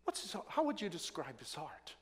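A man preaching in a high, very lively voice that drops to near whispers and then climbs to shouts. He acts out quoted prayers with rising passion. His voice rings with the long reverb of a large hall. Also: normal speed. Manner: dramatic, swings from hushed to shouting. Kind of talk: sermon.

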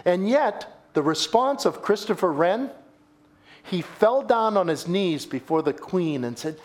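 A man's voice: high voice, expressive, unhurried. A male pastor preaching a sermon, telling a story with dramatic emphasis and repetition and calling his listeners folks.

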